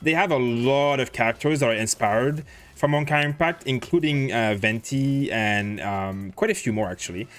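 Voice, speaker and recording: A man's voice: mid-range voice, moderate pace. A man hosting a casual gaming livestream, thinking aloud as he plays and answering chat questions with plenty of fillers. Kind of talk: casual livestream commentary while playing.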